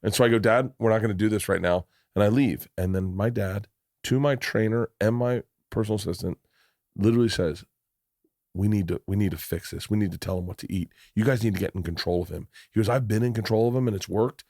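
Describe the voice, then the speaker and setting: A man's voice: lowish voice, quick pace, a little mellow, no echo, clean studio sound. A middle-aged man hosting a podcast, telling stories in a rambling, restart-filled way with plenty of swearing. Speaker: podcast host. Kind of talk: casual chat.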